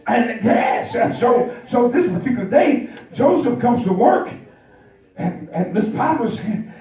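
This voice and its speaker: A male pastor preaching a lively storytelling sermon, calling out to his congregation. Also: extremely high pitch, a little slow. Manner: animated storytelling, calls out to the congregation. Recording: echoey church hall, mic far off.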